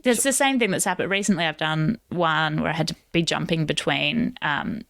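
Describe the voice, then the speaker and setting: A woman's voice: sits low, normal speed, creaky, a bit bright, no echo, clean studio sound. A woman actor and audiobook narrator chatting on a podcast, telling self-mocking stories and laughing often. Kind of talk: casual podcast chat.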